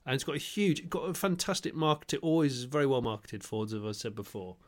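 A man, co-hosting a comic chat, explaining things slowly with a deadpan touch. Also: medium pitch. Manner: drawn-out, deadpan explaining, laughs often. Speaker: podcast co-host. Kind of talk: casual comedic chat.

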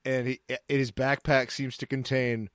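A man's voice: mid-range voice, flat delivery, normal speed, no room sound, studio quality. A man co-hosting a podcast in casual, crude, rambling, jokey chat. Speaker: podcast co-host.

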